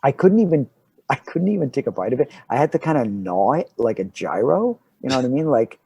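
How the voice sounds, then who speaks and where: A middle-aged man with a slightly husky voice tells a story with real animation, slipping into the voices of the people he quotes. The sound is dry and close, with almost no room around it. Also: mid-range voice, a little fast, no echo, poor audio. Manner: animated storyteller acting out dialogue. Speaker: actor guest. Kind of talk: casual anecdote telling.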